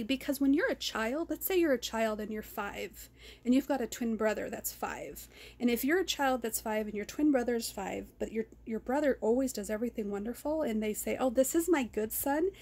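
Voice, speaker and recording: A woman's voice: fairly high pitch, normal speed, a little mellow. A woman talking in a raw personal vlog, rambling and ranting, often repeating herself. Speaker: vlogger. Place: car.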